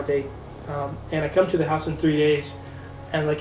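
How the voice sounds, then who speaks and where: Young male missionary in his 20s, earnest testimony, slightly high voice, distant mic. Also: little pitch movement, normal speed, darkish tone, slight background noise. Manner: earnest, heartfelt storytelling. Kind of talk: personal testimony and support appeal. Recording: roomy echo, voice away from the mic, faint music. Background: faint music.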